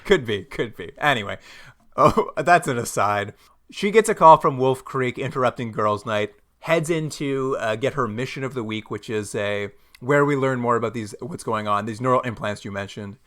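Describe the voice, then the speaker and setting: A man co-hosting a podcast, recapping a TV episode in casual chat, animated and quick to laugh. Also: mid-range voice. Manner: animated, laughs often, jumps into mock quotes. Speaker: podcast co-host.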